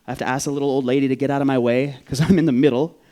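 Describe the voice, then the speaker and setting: Man, storyteller, lively and profane, acting out voices. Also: medium pitch, very fast. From Vancouver, Canada. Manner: animated, profane, acts out the voices. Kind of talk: stage storytelling.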